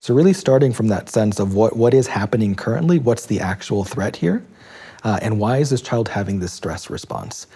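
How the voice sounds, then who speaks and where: A man explaining, in a calm and measured way, how parents respond to a child's stress. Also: fairly low pitch, husky. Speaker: child mental health expert. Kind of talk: explanatory interview.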